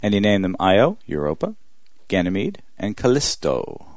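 An American man co-hosting a podcast, playful and animated in casual chat. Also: lowish voice, moderate pace, no echo, clean studio sound. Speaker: podcast co-host.

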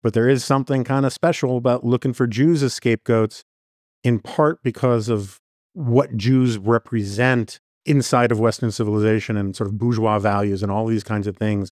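A man's voice: medium pitch, steady tone, normal speed, darkish tone, dry recording, studio quality. Earnest man riffing in long sentences. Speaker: podcast guest. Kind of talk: conversational commentary.

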